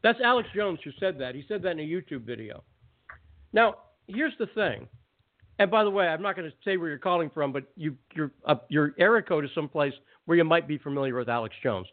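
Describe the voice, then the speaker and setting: A man hosting a call-in talk radio show, ranting casually with quick asides. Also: on the high side, expressive. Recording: phone-like narrow band audio.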